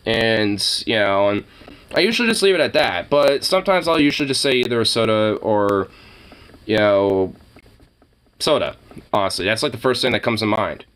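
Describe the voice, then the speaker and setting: A man's voice: lowish voice, lively intonation, normal speed, fairly bright tone, clean tone. A man from Oregon giving casual reaction commentary, rambling, swearing freely and laughing often. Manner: rambling, profane, laughs a lot. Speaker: reaction video host.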